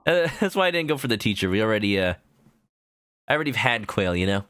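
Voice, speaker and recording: A man's voice: mid-range voice, animated, moderate pace, pauses often, fairly bright tone, dry recording. A young man casually commenting on a game as he streams it, joking as he goes. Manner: playful, jokey.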